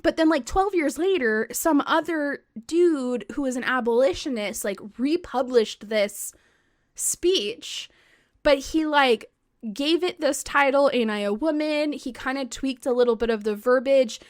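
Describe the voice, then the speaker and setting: A woman co-hosting a podcast, telling a history story in animated, chatty talk full of "like" and the odd swear word. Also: high-pitched, a little slow, no room sound, studio quality. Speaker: podcast co-host. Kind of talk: casual chat, storytelling.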